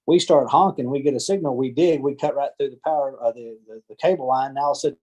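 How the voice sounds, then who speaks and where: A man's voice: medium pitch, fast, darkish tone, highs cut off. A man, a land surveyor giving a casual talk on a video-call training meeting, chatty and folksy, acting out the voices of angry homeowners. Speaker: land surveyor giving a talk to a team of real estate agents. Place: home or office on a video call. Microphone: computer or headset mic on a video call.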